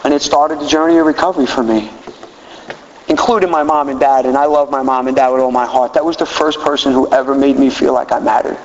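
A man's voice: mid-range voice, fast talker, slight background noise. Man telling his story in an echoey hall. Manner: animated storytelling with repeated words. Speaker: recovery meeting speaker. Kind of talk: personal recovery story told to a meeting. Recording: echoey hall, dull lo-fi sound.

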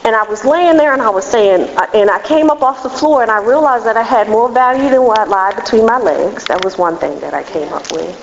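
A woman's voice: on the high side, a little fast, gravelly, few pauses, slight background noise. Woman sharing her story in an echoey hall. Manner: earnest, conversational, frank. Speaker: recovery meeting speaker. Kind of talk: candid personal testimony. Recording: dull, echoey hall recording.

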